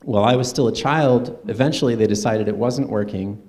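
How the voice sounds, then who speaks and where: A man speaking earnestly at a conference, in a conversational presentation with soft asides. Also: medium pitch, fairly quick. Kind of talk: personal stage presentation. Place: conference stage.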